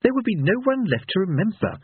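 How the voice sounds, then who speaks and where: A man's voice: high-pitched, big pitch swings, fast, breathy edge, dry recording, voice pushed up, exaggerated voice. A man voicing a dreamy young male minstrel who talks wistfully as if to himself, with a tinny, phone-like sound. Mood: mournful. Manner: wistful, musing.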